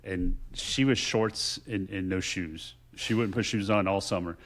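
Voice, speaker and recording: A middle-aged man from Texas co-hosts a casual chat in a low voice. He tells family stories in a reflective way and often restarts his sentences as he goes. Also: unhurried. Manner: warm reflective storytelling, many restarts. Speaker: podcast co-host.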